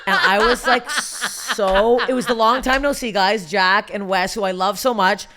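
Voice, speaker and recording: A guest comedian with an unusually deep voice, a woman, tells profane, animated stories at an unhurried pace during a casual podcast chat.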